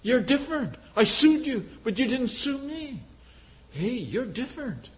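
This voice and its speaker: Preacher doing a Roman soldier, man, hushed, marveling, high voice. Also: big pitch swings, unhurried, heavily acted. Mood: amazed. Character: gruff Roman soldier, man, grown, astonished.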